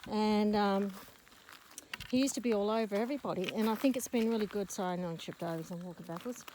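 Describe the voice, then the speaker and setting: A woman's voice: mid-range voice, fast talker, darkish tone. A woman who runs an animal rescue, talking as she walks her rural property and filming on a handheld phone. She is out of breath and rambles, breaking off mid-story to scold and coax her dogs. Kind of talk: rambling walk-and-talk vlog. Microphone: handheld phone while walking. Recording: noisy outdoor phone recording. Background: dogs and farm animals.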